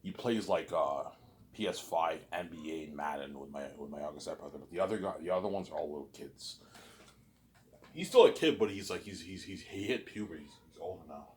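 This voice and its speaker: Man, very low voice, casual halting monologue full of repeats, light background noise. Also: expressive. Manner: repetitive, halting, many restarts. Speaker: vlogger.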